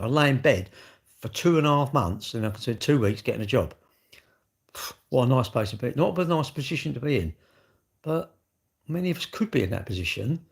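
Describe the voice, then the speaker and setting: A man's voice: mid-range voice, expressive, a little fast, gravelly. A man talking in a casual, rambling vlog monologue, full of rhetorical questions. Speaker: vlogger.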